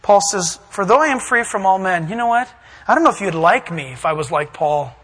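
High bright-voiced male preacher. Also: a little fast, in a large hall, rough recording. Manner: animated, acts out voices and shouts for emphasis. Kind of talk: sermon.

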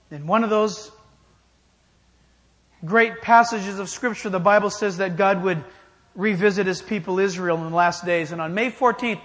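A man's voice: sits high, a bit bright. A man preaching a sermon in an emphatic style, challenging his listeners directly. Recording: long hall reverb.

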